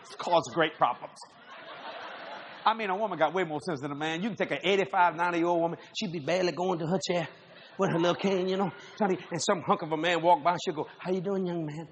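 A male pastor telling a humorous story in a sermon, animated and laughing often as he acts out voices. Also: high voice, fast. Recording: noisy live recording.

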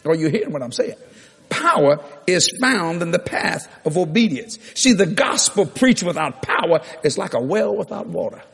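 A slightly high, husky male preacher tells his story with animated, acted-out dialogue and repeated refrains. His voice rings out with a long reverb tail across a large church hall. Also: normal speed. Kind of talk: storytelling sermon.

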